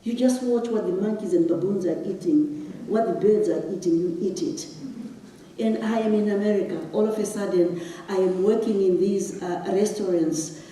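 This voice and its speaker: A woman's voice: medium pitch, moderate pace, dark tone, a little hiss or hum. A woman from Zimbabwe giving a talk on stage, telling a personal story with emotion and building to impassioned questions. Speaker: guest speaker. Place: large hall. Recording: echoey hall, distant mic.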